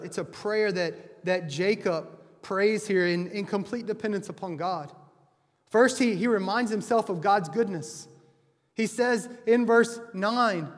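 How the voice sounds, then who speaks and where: A man preaching a sermon as a pastor, earnestly explaining scripture. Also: high-pitched. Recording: long hall reverb.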